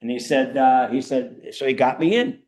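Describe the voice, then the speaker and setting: Older guy telling travel stories to a church crowd, lively and self-mocking, mid-pitched voice. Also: moderate pace. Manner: animated, self-mocking storyteller. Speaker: guest speaker. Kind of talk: storytelling talk to a church audience.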